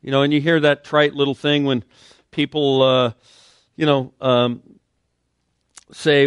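A man's voice: mid-range voice, flat delivery, a little slow, long pauses, clean tone, dry recording. Man preaching in a dry room. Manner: conversational preaching with fillers and acted quotes. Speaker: pastor. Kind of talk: sermon. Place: church sanctuary.

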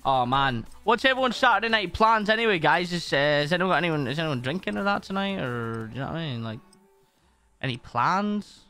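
Sweary, lively male game streamer. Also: a little high, a little fast, soft background music. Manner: rambling, swears a lot, chats to viewers. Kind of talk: casual live-stream chat while gaming.

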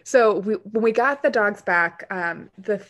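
A woman guest on a podcast, chatting casually and telling lively stories with lots of fillers and quick asides. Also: mid-range voice, dull audio. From based in New York City. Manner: animated storytelling, quick asides and filler words. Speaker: podcast guest, dog-mom influencer. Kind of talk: casual chat.

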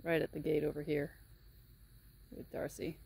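A woman who runs a horse rescue farm, filming a casual vlog outdoors on a handheld camera and chatting while she coaxes her horses in a high sing-song voice. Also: monotone, moderate pace, vocal fry, dark tone, breathy edge.

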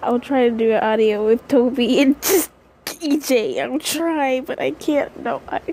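A woman's voice: sits high, measured pace, warm tone, a little hiss or hum, rough recording. A woman vlogging casually at home to her viewers, nervous and rambling, close to tears. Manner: nervous and rambling, with many restarts and sighs.

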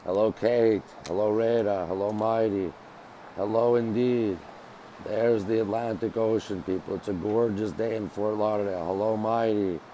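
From a hotel balcony by the beach, a livestream host from Montreal, Canada chats casually on his phone outdoors, greeting viewers by name and repeating himself. His lowish, dark voice is fairly even in intonation at a moderate pace; the recording is rough with slight background noise.

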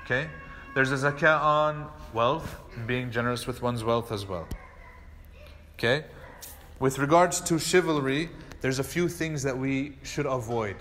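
A man's voice: medium pitch, measured pace, long reverb tail, a little hiss or hum. A man, an imam, teaching a lecture class, acting out little dialogues as he tells stories. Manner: animated storytelling with acted-out dialogue. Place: mosque hall.

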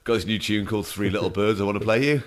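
A man's voice: lowish voice, fairly even intonation, rapid-fire. A man hosting a comic podcast, chatty and wry, steering the conversation.

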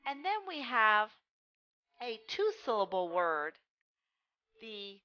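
A woman teaching a phonics lesson, reading words slowly and stressing each one for young readers. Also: fairly high pitch, expressive. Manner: slow, careful, stresses each word. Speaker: reading tutor. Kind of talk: phonics lesson read aloud. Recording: dull lo-fi sound with faint music.

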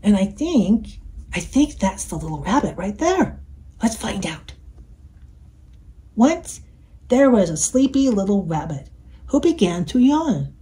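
Woman storyteller for kids, slow, mellow, playful, sing-song. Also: mid-range voice, big pitch swings, poor audio. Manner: gentle and playful, inviting the listener. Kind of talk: reading a picture book to children.

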